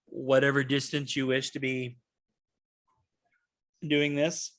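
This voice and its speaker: A man's voice: medium pitch, monotone, slow, a bit bright. A man narrating as game master, rambling and loose with many fillers.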